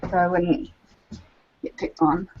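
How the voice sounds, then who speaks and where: A woman's voice: lowish voice, little pitch movement, slow pace, highs cut off. A woman from Charleston chatting casually on a podcast, rambling with lots of likes and ums. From Charleston, South Carolina, US. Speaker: guest artist.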